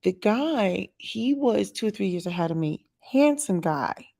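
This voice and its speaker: A woman telling a story on her vlog in a chatty, animated way, quoting the people she met. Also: medium pitch, unhurried, creaky. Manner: chatty, animated retelling with quoted asides. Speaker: vlogger. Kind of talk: casual storytelling monologue.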